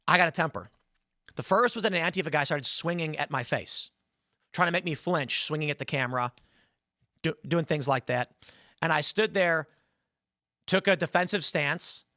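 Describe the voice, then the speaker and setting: A man's voice: on the high side, sharp tone, no echo, clean studio sound. A man hosting a podcast, telling a story and giving heated commentary, angry and swearing as he talks. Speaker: podcast host.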